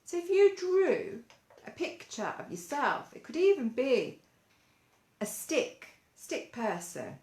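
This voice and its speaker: A woman leading a gentle mindfulness lesson for children, coaxing them along with lots of playful questions. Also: high voice, sing-song, takes it slowly. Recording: roomy echo.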